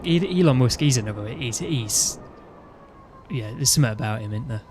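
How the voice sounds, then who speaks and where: Rambling and animated, this gaming video host keeps restarting his sentences and tossing in "you know what I mean" as he chats and rants. His voice is medium-pitched with a darkish tone at normal speed, over soft background music.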